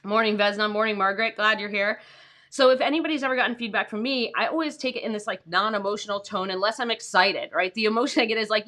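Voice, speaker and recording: A woman's voice: mid-range voice, brisk, sharp tone. A woman in her thirties coaching freelance writers on a casual livestream from home, talking loosely with lots of fillers and greeting viewers by name. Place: home, with her dogs nearby.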